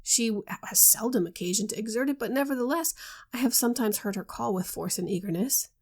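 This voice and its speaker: A woman's voice: fairly high pitch, a little mellow. A woman reading as a grave, solemn husband. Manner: grave, measured and earnest. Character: grave, solemn young husband troubled by a mysterious voice.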